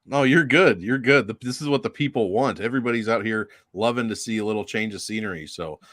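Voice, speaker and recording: A man with a fairly low voice co-hosts a betting podcast in relaxed chat. He is easygoing and agreeable. The room sound is dry. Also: fast talker, no echo. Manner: easygoing, agreeable, laughs along. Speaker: co-host of a betting show.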